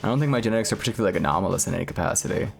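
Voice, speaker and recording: A man streaming a game and chatting casually, rambling with lots of filler words and deadpan jokes. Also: fairly low pitch, racing, creaky, faint music behind. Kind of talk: casual gaming stream chat.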